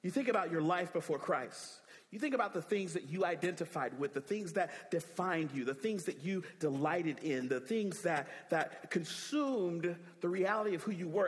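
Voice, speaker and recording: A man's voice: high voice, long reverb tail. A man preaching a sermon as pastor, emphatic, repeating key phrases with rising emphasis.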